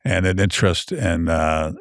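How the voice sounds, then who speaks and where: A man with a very low, deep voice tells meandering stories as a podcast guest. He restarts often and fills the gaps with "uh" and "you know". The studio sound is dry and close. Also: a little slow, no room sound. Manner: rambling storyteller, many restarts and fillers. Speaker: author guest. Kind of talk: casual podcast chat.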